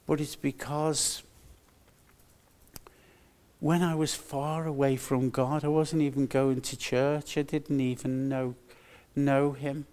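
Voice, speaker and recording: An older man delivers a sermon in an earnest, emphatic way. He speaks slowly, with a slightly raised pitch, and leans on repeated phrases. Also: a little mellow. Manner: earnest, slow and emphatic with repetitions. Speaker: preacher.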